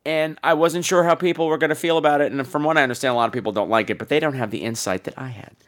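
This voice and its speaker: A man hosting a podcast, chatting casually and reacting to voicemails with theatrical swings from low mutters to high squeals. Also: very fast. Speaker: podcast host reading voicemails. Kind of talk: casual chat.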